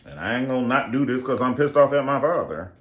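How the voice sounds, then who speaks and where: A campy, sassy man chatting through a show review with a very lively, swooping delivery. The voice sits mid-range and rings in an echoey room. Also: medium pitch, quick pace. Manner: campy, sassy, profane, calls people honey. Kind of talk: casual comedic retelling.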